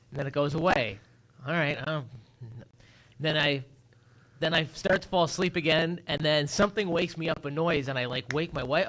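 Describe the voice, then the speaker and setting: A man on a morning radio show spins a story, jumping into little acted voices and sound effects as he goes. His voice sits a touch high and rings bright and forward. It sounds like a studio microphone. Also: normal speed. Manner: animated storyteller, acts out his own voice and sounds. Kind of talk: casual morning radio chat.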